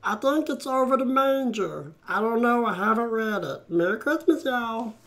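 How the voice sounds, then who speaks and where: A man doing a cartoon voice impression of a small, dim-witted male meatball creature, with a high, drawling, rambling mumble. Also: animated, moderate pace, a bit bright, full character voice.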